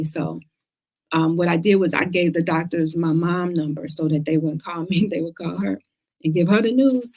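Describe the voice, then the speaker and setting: A middle-aged woman hosts a casual livestream talk. Her voice sits a little low, and she speaks earnestly, stressing her points by repeating words. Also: moderate pace, a little mellow. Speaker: host of a cancer talk show.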